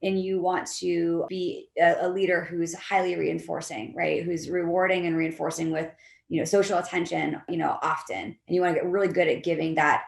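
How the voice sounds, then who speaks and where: A woman behavior analyst, a guest in an interview, explaining her methods in a lively way and acting out the voices of the people she quotes. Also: fairly low pitch, moderate pace, creaky, reverberant. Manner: animated, acts out quoted voices. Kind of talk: conversational interview.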